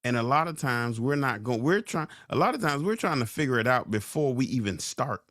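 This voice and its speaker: A man hosting a podcast, giving a sermon-like motivational talk, slowing down and repeating key lines for emphasis. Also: medium pitch, lively intonation, fairly bright tone, dry recording, studio quality. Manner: slow, drawn-out emphasis. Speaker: podcast host.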